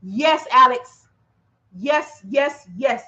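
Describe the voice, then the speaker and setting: Woman, high voice, dispatcher, animated casual talk, dull lo-fi audio. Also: very slow. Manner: animated, acts out calls. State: hiccups, throat clearing. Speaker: freight dispatcher. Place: drafty office.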